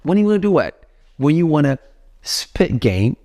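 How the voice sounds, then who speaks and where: A man's voice: fairly high pitch, sing-song, moderate pace, warm tone. A young man with an Ethiopian accent, a non-native English speaker, gives a casual, chatty English lesson and often asks his viewers questions. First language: not English. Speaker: English teacher.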